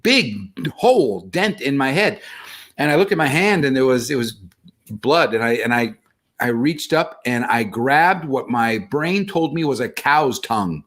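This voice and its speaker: A man telling a personal story in casual conversation, animated and self-deprecating. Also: mid-range voice.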